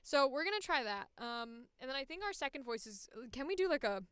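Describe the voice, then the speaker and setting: Speaking fairly quickly into a close studio mic, a Midwestern woman who voice-acts chats casually on a livestream. She is candid, profane and self-mocking, her high voice very animated with a fairly bright tone and no echo.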